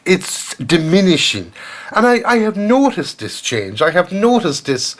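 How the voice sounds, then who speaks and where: An Irish man hosting a solo podcast, talking earnestly in a rambling way, his pitch often rising. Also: big pitch swings, a little slow. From Ireland. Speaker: podcast host.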